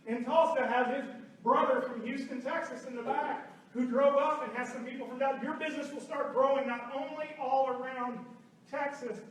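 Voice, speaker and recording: A man from Oklahoma telling lively stories as a speaker at a business meeting, speaking to a live room and acting out quotes. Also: very high voice, moderate pace. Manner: animated storytelling with acted quotes. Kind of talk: motivational talk to a live room. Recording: roomy far-off hall recording.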